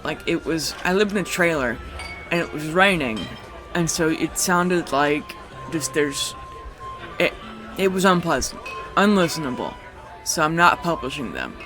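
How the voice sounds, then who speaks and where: A man's voice: a little high, very animated, a little slow, over music, low-quality recording. A man recapping tabletop game sessions alone in a casual, rambling way. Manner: rambling, with fillers and restarts.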